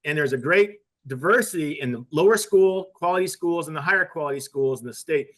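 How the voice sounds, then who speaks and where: Male panelist, bright and a bit high, talking through a long explanation. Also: brisk. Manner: explains at length through a story. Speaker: podcast panelist. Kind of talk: casual panel discussion.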